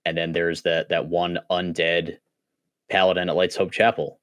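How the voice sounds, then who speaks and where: A man's voice: low voice, flat delivery, moderate pace, a bit bright, dry recording. A man chatting casually as a podcast guest, eager and full of "like" fillers and restarts. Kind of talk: casual chat.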